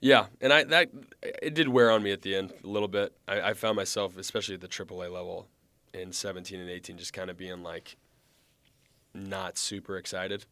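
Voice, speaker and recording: A man in his thirties, a former baseball pitcher, telling his story in a relaxed, chatty way. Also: brisk, clean tone, no echo. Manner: relaxed, chatty, acts out quoted lines. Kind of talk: casual storytelling.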